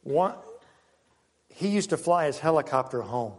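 An older man preaching a sermon and telling stories, moving from loud, emphatic lines to hushed ones. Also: a little high, unhurried. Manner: animated, swinging from loud to hushed. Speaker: pastor. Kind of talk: sermon with personal storytelling. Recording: long hall reverb.

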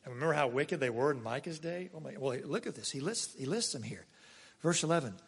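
Male pastor, fairly high voice, long church reverb, chatty sermon with big loud-soft swings. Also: expressive, fairly quick, vocal fry, husky. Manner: conversational preaching with sudden swings between loud and soft.

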